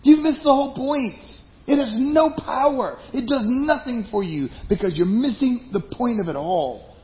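A man's voice: very high voice, expressive, moderate pace, pitched above the performer's own voice. A man voicing a blunt apostle who insistently scolds a church, in a dull lo-fi recording. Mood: rebuking. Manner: insistent, rebuking.

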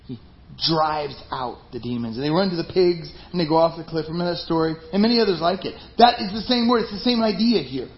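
A man preaching a sermon as pastor, emphatic and conversational. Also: high-pitched. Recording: dull lo-fi recording.

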